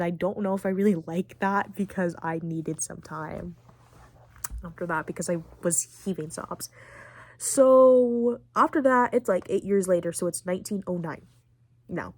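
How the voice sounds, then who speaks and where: A late-teen woman hosts a podcast, rambling through a casual recap packed with fillers and getting emotional about the story. Her voice is medium-pitched, with no echo.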